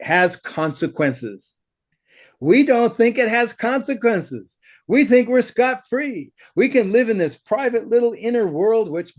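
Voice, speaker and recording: A man talks through an idea with blunt, animated energy. His voice sits a little high, and it leaps up even higher when he mimics someone. He laughs often and curses casually. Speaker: spiritual teacher. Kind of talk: conversational teaching in an interview.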